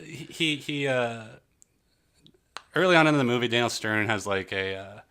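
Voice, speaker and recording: A man's voice: mid-range voice, lively intonation, measured pace, bright, forceful tone, clear, resonant tone. A man co-hosting a casual podcast, rambling and joking, often trailing off and restarting. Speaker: podcast co-host. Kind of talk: casual chat.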